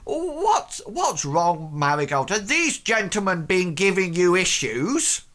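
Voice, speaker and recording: A man's voice: sits high, big pitch swings, slow, a bit bright, pitched above the performer's own voice, heavily acted. A man voicing a rotund, protective slum blacksmith with a blustering, attempted Welsh lilt. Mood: concerned.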